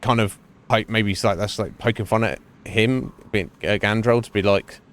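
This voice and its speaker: A man's voice: fairly low pitch, steady tone, moderate pace, fairly bright tone. A man streamer giving casual gameplay commentary, chatty, laughing often, with lots of fillers.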